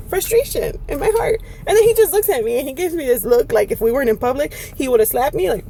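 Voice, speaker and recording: A woman telling a story in an animated vlog style, switching into phrases and acting out the people in it. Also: on the high side, brisk, vocal fry. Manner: dramatic, mixes in Spanish phrases, acts out others. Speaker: vlogger. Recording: faint background noise.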